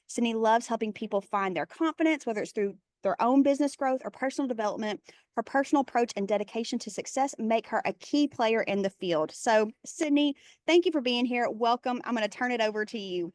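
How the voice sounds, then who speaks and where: A woman's voice: on the high side, brisk, a little mellow, no echo, clean studio sound. A woman with a Texas accent hosting an online session by video call, chatty and greeting attendees by name. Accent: Texan. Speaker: webinar host. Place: airport.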